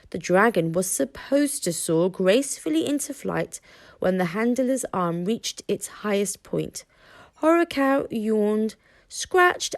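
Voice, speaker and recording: A woman reads a children's story aloud slowly and expressively, her pitch rising and falling a lot. The recording is close and dry. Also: creaky, a little mellow, no room sound. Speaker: reader. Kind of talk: children's audiobook narration.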